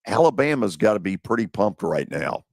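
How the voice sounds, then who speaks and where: A man hosting a sports talk show, chatting casually about football in a relaxed, unhurried way with drawn-out pauses. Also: on the low side, vocal fry, dry recording, studio quality. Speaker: radio show host.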